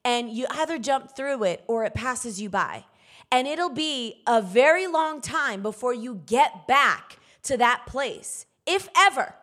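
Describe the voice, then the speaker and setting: A woman's voice: a little high, animated, unhurried, fairly bright tone. A woman minister giving a conversational sermon, candid and emphatic, speaking straight to her listeners.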